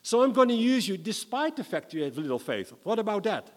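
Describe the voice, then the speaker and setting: A male preacher delivers a sermon with humor and dramatic flair. His voice sits a little high for a man. The long reverb of a church hall hangs on his words. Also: a little fast. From Netherlands. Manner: lively, humorous, dramatic scripture reading.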